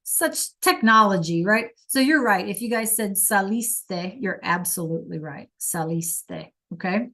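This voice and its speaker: A woman's voice: mid-range voice, expressive, normal speed, few pauses, a bit bright. A woman teaching a Spanish class over a video call, praising students by name and encouraging them.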